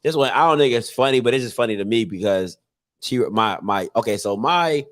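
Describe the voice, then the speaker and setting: A man in his thirties hosting a casual talk show, telling family stories with animated voices and frequent laughter. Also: mid-range voice, brisk. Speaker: podcast host. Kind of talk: casual storytelling.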